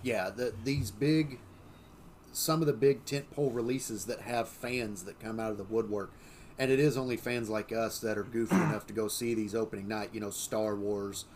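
A man's voice: on the low side, steady tone, moderate pace, darkish tone, a little hiss or hum. A man co-hosting a casual podcast chat, telling stories with lots of fillers and restarts. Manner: storytelling, many fillers and restarts. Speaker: podcast co-host.

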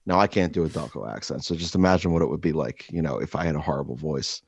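A man hosting a podcast, telling a crude comic story in an animated, rambling way with many fillers, seated across from his co-host. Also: very deep voice, quick pace, creaky, slightly rough, no room sound. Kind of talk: casual comedic storytelling.

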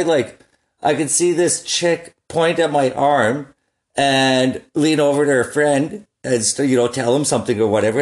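A man's voice: medium pitch, a little mellow. A young man telling rambling, profane stories in a casual solo chat, often laughing at his own jokes. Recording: echoey room.

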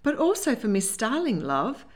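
A woman's voice: mid-range voice, big pitch swings, normal speed, voice pushed up. A woman voicing a worried middle-aged genteel mother who speaks in a fretful, conciliatory way.

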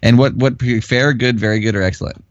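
A man co-hosting a talk show, easygoing and quick to agree, over a dull lo-fi mic. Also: medium pitch, fairly even intonation, no room sound. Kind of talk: casual podcast chat.

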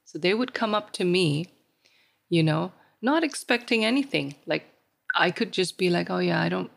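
A woman's voice: lowish voice, moderate pace, gravelly. A woman in a casual podcast conversation, telling stories and livening up when she quotes other people. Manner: storytelling, animated when quoting others.

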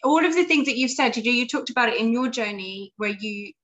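Woman podcast host, higher voice, reflective, kinda muffled recording. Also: animated, a little fast, fairly bright tone. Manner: reflective, sums up the guest's points. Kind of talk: casual podcast interview. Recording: dull, muffled sound.

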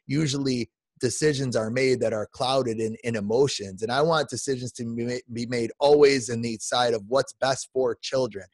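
There's no echo on this medium-pitched male voice, a forty-something podcast guest caught up in an emotional rant. He restarts over and over and leans on the word "man" a lot.

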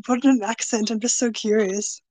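A woman's voice: a little high, fairly even intonation, fairly quick, a little mellow, no echo. A woman hosting a podcast in casual chat, hesitant and searching for her words as she asks curious questions. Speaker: podcast host.

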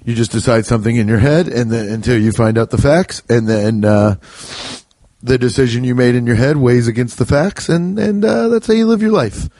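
A young adult man hosting a podcast alone, telling rambling, profane, joking stories and putting on quick voices for the people in them. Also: mid-range voice, darkish tone, no echo. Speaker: podcast host. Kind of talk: casual rambling monologue.

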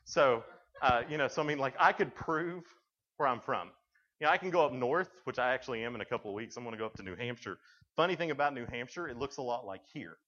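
A man's voice: mid-range voice, lively intonation, fast talker, bright, forceful tone. Joking young Tennessee man, muffled. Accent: Tennessee Southern American. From Tennessee, USA. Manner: joking storyteller who acts out dialogue. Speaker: youth speaker. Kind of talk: humorous talk to students. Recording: dull lo-fi recording.

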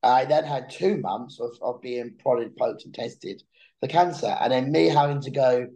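Young guy, gravelly low voice, mellow dark tone, rambling storyteller. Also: unhurried, poor audio. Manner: animated storyteller who repeats words when starting sentences. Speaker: podcast guest. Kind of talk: casual conversational storytelling.

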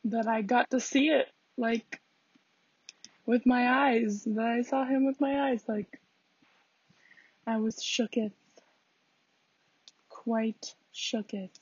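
A woman's voice: a little high, fairly even intonation, slow, long pauses, darkish tone, breathy edge, no room sound. A young woman hosting a casual podcast, rambling chattily with lots of fillers and laughing at herself. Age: young adult. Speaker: podcast host. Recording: dull lo-fi home recording.

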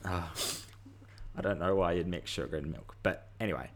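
A young man co-hosting a loose, casual chat. His voice sits on the low side, and he talks in a chatty, swearing, ranting way with plenty of animated asides. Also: normal speed. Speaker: podcast co-host.

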